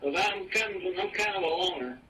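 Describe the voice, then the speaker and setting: A man in his eighties from Virginia, reminiscing casually and haltingly, stumbling and repeating words with many fillers. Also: high voice, expressive, sharp tone. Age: 80s. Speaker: retiree interviewed in an archive recording. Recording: distant mic with clear noise in an old home recording.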